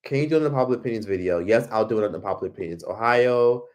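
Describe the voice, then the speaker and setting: A man's voice: lowish voice, racing. A man hosting a casual livestream, chatting expressively while reading and answering viewer comments. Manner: chatty, animated, swearing freely. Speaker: livestream host.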